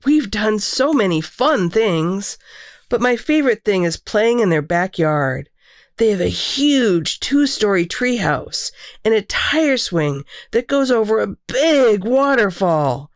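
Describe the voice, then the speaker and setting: A woman voicing a shy, upset little girl in a storybook read-aloud, with a high, small, tearful child voice. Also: sing-song, slow, no room sound, clean studio sound. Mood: excited.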